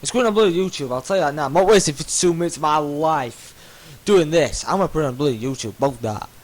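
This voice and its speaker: Gamer lad ranting at a game, stammery and exasperated, kinda high voice. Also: male voice, animated, quick pace, poor audio. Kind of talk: game commentary rant.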